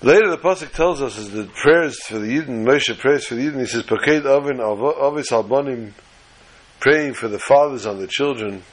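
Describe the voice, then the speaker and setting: A man's voice: medium pitch, lively intonation, a little fast, few pauses, rough recording. A man giving an emphatic, lecturing sermon-style scripture lesson as a religious teacher.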